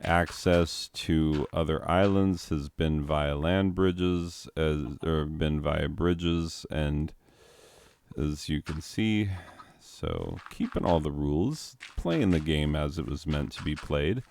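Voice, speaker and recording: A man's voice: a bass voice, takes it slowly, vocal fry, a little mellow, slight background noise. A man who teaches, talking casually over his gaming and drifting off into long history tangents with jokes. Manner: rambling, goes off on history tangents; laughs at his own jokes and mocks things in silly put-on voices. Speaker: game video host.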